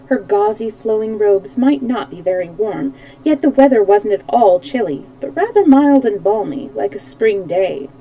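A woman reading a children's book aloud in a calm, even manner, with small slips she corrects as she goes. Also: medium pitch, moderate pace, hardly any pauses, rough recording. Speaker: storyteller. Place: home streaming setup.

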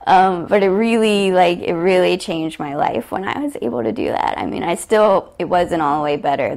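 A woman in her thirties with a low, slightly gravelly voice tells a personal story to an interviewer. She is candid and chatty, and she laughs often between her lines. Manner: laughs often while telling, animated quoted asides. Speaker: podcast guest, storyteller.

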